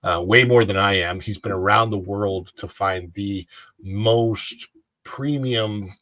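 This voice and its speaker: A man's voice: lowish voice, slow pace, fairly bright tone, dry recording. A man co-hosting a casual chat show, talking in a rambling, opinionated way with lots of restarts. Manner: rambling, many fillers and restarts. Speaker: co-host.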